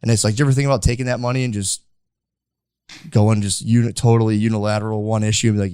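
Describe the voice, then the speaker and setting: A man's voice: lowish voice, flat delivery, rapid-fire, a little mellow, clean tone, no room sound, clean studio sound. A young man hosting a podcast, chatting casually and rambling with lots of filler words. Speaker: podcast host. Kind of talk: casual chat.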